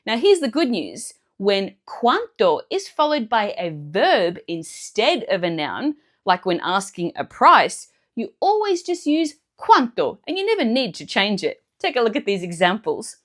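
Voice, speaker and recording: A woman teacher explaining Italian grammar clearly and step by step in a scripted lesson. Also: medium pitch, huge pitch swings, measured pace, few pauses, fairly bright tone.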